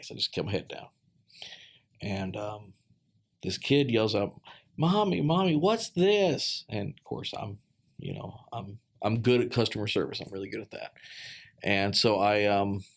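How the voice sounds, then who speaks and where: A man telling a heartfelt personal story in a casual podcast chat, earnest and halting, with many fillers and restarts. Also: fairly low pitch.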